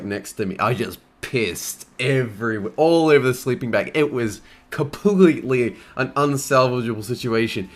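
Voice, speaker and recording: A man's voice: medium pitch, fairly bright tone. A young man, casually answering fan questions and telling crude stories, swearing often and laughing as he goes. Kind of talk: casual Q&A storytelling.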